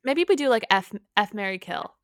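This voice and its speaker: A woman's voice: mid-range voice, sing-song, fairly quick, vocal fry, no echo, clean studio sound. A woman co-hosting a podcast, playfully and eagerly asking questions in casual chat. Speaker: podcast co-host.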